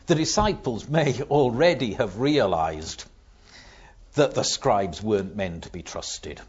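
A man delivers a sermon at an unhurried pace, his pitch rising and falling with real animation. His voice has a husky edge, and he explains things patiently, throwing in rhetorical questions along the way. The recording sounds dull and lo-fi. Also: expressive, a little mellow. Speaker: preacher.

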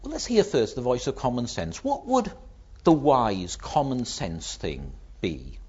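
A man preaches a sermon in a husky voice that swings animatedly up and down. He slips into the voices of the people he quotes. The recording is muffled and lo-fi. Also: mid-range voice, unhurried. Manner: acts out quoted voices, lively rises and drops.

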